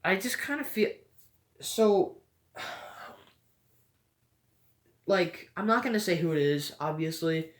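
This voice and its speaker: A woman giving casual gameplay commentary, rambling and hesitant with frequent stutters and a low-energy, halfhearted delivery. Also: lively intonation, takes it slowly, pauses often. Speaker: gaming vlogger. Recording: echoey room.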